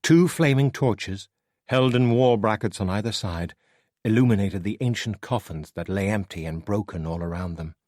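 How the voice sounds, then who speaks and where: Brief: low, husky male narrator, dry close recording, dramatic audiobook reading. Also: moderate pace, no echo. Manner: expressive, dramatic storytelling.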